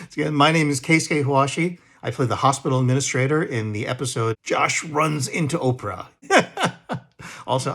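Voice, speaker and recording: A male actor with a medium-pitched, fairly bright voice talks casually to camera, reminiscing about old roles. He rambles and gets self-deprecating, poking fun at himself.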